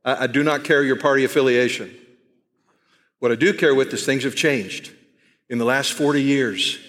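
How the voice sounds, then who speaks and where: A middle-aged man with a Texan accent preaching a sermon to his church, emphatic and repeating key phrases, slowing down to stress his points. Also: medium pitch, fairly bright tone, big-room sound. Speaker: pastor. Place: church sanctuary.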